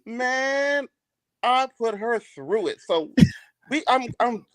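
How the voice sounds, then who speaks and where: Animated male storyteller, loose and profane, very expressive pitch, dry mic. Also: takes it slowly, dry recording. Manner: animated, profane, laughs while telling. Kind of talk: casual podcast storytelling.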